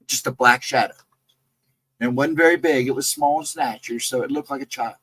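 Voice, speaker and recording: A man's voice: medium pitch, fairly quick, fairly bright tone, breathy edge, rough recording. A man casually recounting his own ghost encounters in a rambling, self-correcting way. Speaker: guest storyteller.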